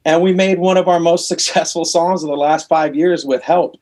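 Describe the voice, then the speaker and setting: A man speaking as a podcast guest, his voice pitched slightly above the usual male range. He tells animated, loose stories and swears casually. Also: normal speed. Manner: animated storytelling, swears freely, acts out quoted exchanges. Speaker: guest, rock band lead singer.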